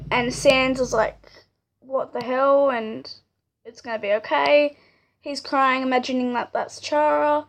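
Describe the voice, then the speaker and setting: A young woman casually retelling a fan story she made, chatty and full of fillers. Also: high-pitched.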